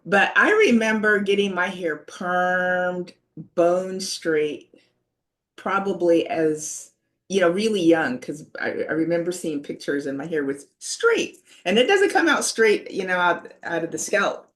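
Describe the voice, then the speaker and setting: Older woman, slightly low voice, earnest, halting, reflective storytelling, video call. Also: expressive, fairly bright tone. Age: 60s. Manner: earnest, halting, with frequent "you know" and restarts. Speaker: panelist sharing a personal story.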